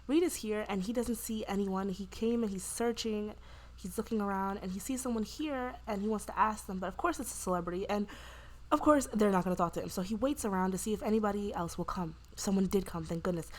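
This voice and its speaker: A woman casually narrating a life-sim game, rambling with lots of "like" and "you know" and voicing the characters' lines in quick asides. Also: mid-range voice. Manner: voices the Sims' lines in quick quoted asides. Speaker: gameplay narrator. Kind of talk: casual let's-play storytelling.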